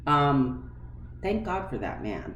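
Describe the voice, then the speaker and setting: A woman's voice: extremely low pitch, slow, roomy sound, a little hiss or hum. A woman in her forties, candidly telling a personal story with emotion, acting out the conversations she recalls. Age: 40s. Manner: candid, emotional, animated retelling with quoted dialogue. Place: room in her home.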